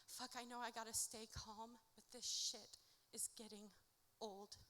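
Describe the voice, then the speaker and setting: A woman performing her own spoken-word poetry at a live event, with a rhythmic, dramatic delivery that swings from hushed to loud. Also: fairly high pitch, flat delivery, unhurried. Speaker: author reading her own work. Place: indoor music venue at a live event. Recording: reverberant live venue recording.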